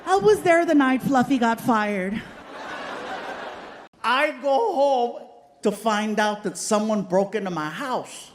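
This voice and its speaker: Male stand-up comic, high voice, animated and self-deprecating, live stage delivery. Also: normal speed, roomy sound, noisy background. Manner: animated, excitable, self-mocking. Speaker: stand-up comedian. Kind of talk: stand-up storytelling. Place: comedy stage before a live audience.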